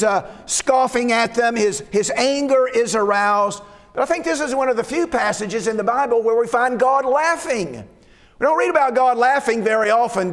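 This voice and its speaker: A man preaching a sermon, reading verses aloud and explaining them in an earnest way, often repeating his words. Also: extremely high pitch. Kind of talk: sermon on Scripture. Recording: long reverb of a hall.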